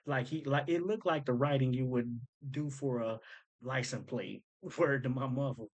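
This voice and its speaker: A man in a relaxed commentary, talking at a middle pitch. He is eager and explanatory and keeps urging the listener to watch and notice the details. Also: measured pace, poor audio. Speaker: host breaking down rap lyrics. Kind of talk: casual commentary.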